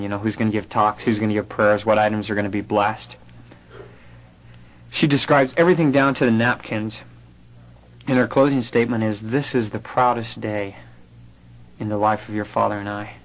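In a lowish, flat voice at normal speed, a young man earnestly relates his own story, quoting the people he spoke with. The recording is of low quality.

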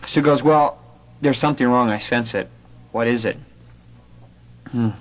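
A young man tells his story in a medium-pitched, slightly slow voice, earnestly recounting remembered conversations and quoting others. It's a personal testimony, and the recording quality is low.

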